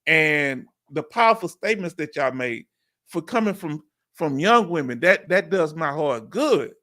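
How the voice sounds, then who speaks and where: High-voiced host working the chat. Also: male voice. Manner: animated, drawn-out emphasis, questions to viewers. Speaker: live stream host. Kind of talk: casual live-stream chat.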